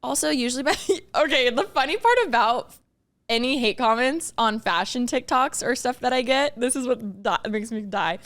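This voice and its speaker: Chatty young woman, smooth clear voice. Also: on the high side, moderate pace. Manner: chatty, lots of "like" fillers, animated storytelling. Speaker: podcast co-host. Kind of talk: casual chat.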